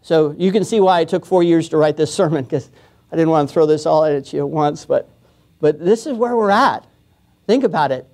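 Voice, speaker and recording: A man's voice: on the high side, moderate pace, a little mellow. A man preaching a sermon as pastor, in a casual, joking way, often chuckling and acting out quoted voices. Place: church.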